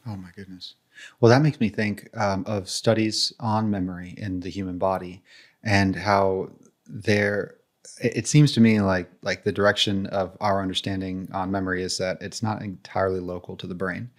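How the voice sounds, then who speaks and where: A man's voice: low voice, level tone, normal speed. A male podcast host who thinks aloud, hesitant and searching for words with many restarts. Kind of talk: conversational interview.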